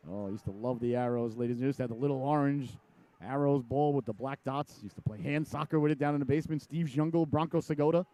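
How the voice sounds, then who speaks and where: Male hockey play-by-play caller, middle-aged, slightly high voice, dry close sound, jokey tangent-prone delivery. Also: a little mellow, no echo. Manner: chatty, jokey, wanders into personal tangents; voice jumps up sharply on shots and saves. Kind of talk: live hockey play-by-play commentary.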